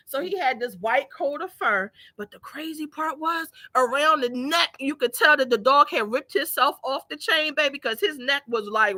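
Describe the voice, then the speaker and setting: A lively woman telling a story straight to her viewers, her voice bright and high. She flips between chatty narration and loud, high-pitched yelling when she acts out the scene, and the sound is close and dry. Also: no room sound. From Philadelphia. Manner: animated, breaks into laughter and high-pitched yelling while telling stories. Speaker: business owner vlogging. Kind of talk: casual storytelling vlog.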